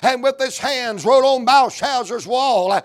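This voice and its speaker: A preacher with a strikingly high voice delivers his sermon slowly and deliberately. He builds fervent, rhythmic runs of phrases and breaks into shouts.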